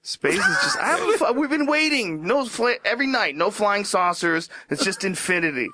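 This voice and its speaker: An excitable man riffs his way through a podcast chat. His voice is bright and sits slightly high, and it swoops up and down as he exaggerates for laughs. He swears freely. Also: normal speed. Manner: animated, profane riffing with comic exaggeration. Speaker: podcast talker. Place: podcast studio.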